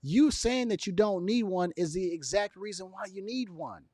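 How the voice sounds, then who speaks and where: A man's voice: high voice, animated, moderate pace, a little mellow, dry recording, studio quality. A man giving casual opinion commentary to camera, emphatic and repetitive, with chuckles between his points. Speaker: video commentator.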